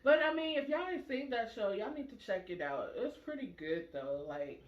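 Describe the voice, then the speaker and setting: A woman hosting a casual chat, telling stories with animated acted-out quotes. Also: on the high side, moderate pace. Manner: animated storyteller, acts out quoted voices. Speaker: vlog host. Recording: echoey room, muffled sound.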